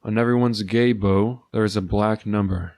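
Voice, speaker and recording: A man's voice: fairly low pitch, fairly even intonation, normal speed, creaky, darkish tone, no room sound. Dry, sardonic male narrator. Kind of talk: first-person story narration.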